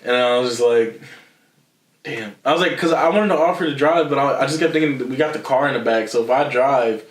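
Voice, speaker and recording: A man's voice: medium pitch, fast, distant mic. A young man co-hosting a casual podcast, telling stories with a lot of laughter and acted-out quotes. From Philadelphia area. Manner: animated storytelling, acts out quotes, laughs a lot. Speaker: podcast co-host. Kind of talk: casual chat. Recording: echoey room.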